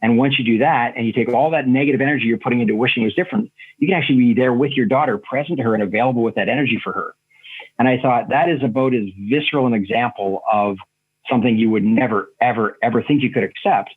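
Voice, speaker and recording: A man speaks as a podcast guest, in an earnest and reflective way, working through ideas with examples and stories. His voice is husky and a little breathy. It comes through a narrow, tinny remote call line. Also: mid-range voice. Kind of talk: reflective conversational storytelling.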